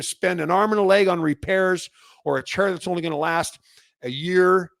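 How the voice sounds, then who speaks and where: A man from Canada with a Canadian accent, hosting a casual solo industry update, rambling with restarts and growing animated when fired up. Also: high-pitched, normal speed, vocal fry, no room sound, studio quality. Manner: rambling, many restarts and fillers. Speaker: host.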